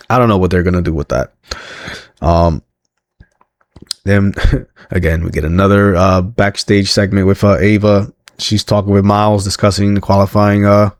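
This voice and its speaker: A man's voice: fairly low pitch, darkish tone, dry recording. A man hosting a casual wrestling recap, rambling with lots of fillers and chuckling asides.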